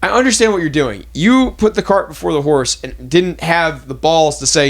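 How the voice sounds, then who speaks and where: A man's voice: on the high side, animated. A young man, hosting a podcast and ranting loosely with lots of fillers and swearing. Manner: rambling, profane, fast ranting with many fillers. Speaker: podcast host. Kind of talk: casual chat.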